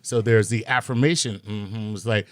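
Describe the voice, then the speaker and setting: Joking low-voiced male co-host. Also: animated, moderate pace, a little mellow, no room sound. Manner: joking, self-mocking, lots of fillers. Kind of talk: casual podcast banter and ad read.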